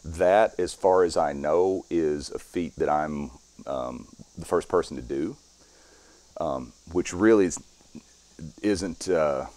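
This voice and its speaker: Very deep-voiced man explaining a strength feat. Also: slow pace, warm tone, no echo. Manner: explains step by step while demonstrating. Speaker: strongman performer and guest. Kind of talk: casual interview talk.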